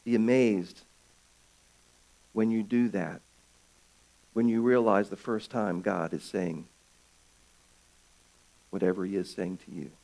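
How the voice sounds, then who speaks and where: A man preaching a sermon as pastor of his church, swinging from loud calls to hushed, quiet stretches. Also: lowish voice, steady tone, takes it slowly, pauses often.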